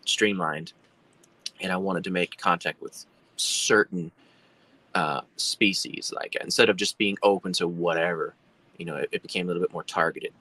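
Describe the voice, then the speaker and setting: A man's voice: deep voice, bright, forceful tone. A man, a guest telling a long story on a video call, rambling with many fillers and restarts. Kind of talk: casual storytelling.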